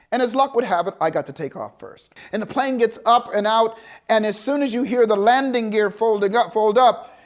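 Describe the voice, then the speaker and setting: A man teaching a motivational seminar, telling a story with lively acted-out dialogue and swings between loud bursts and hushed, calm passages. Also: sits high. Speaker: motivational coach.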